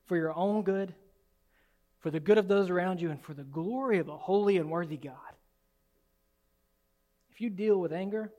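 Guy preaching a sermon, high voice, gets loud then goes real quiet. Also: moderate pace, pauses often, narrow, tinny audio. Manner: animated, swings from soft and low to loud and high. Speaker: pastor. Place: church sanctuary.

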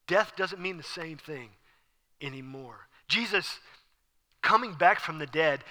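Brief: animated male pastor, high, very bright and forceful voice, echoey hall. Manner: animated, conversational preaching with asides and laughs. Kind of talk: sermon.

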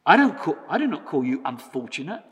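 A man voicing a calm, commanding male lion while reading a storybook aloud, in a solemn, emphatic manner. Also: a little high, fairly quick, breathy edge, full character voice. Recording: long reverb of a church hall.

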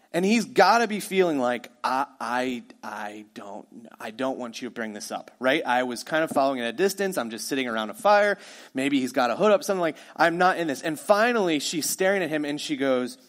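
A middle-aged man preaching a sermon as pastor, telling the story in a casual, conversational way and acting out the quoted voices. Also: fairly high pitch.

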